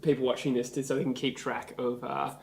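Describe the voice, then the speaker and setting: A man's voice: mid-range voice, little pitch movement, fairly quick, vocal fry, darkish tone. A young Australian man hosting a casual sports podcast, steering the talk with loose fillers. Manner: runs the segment, loose with fillers. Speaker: podcast host. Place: room, on camera.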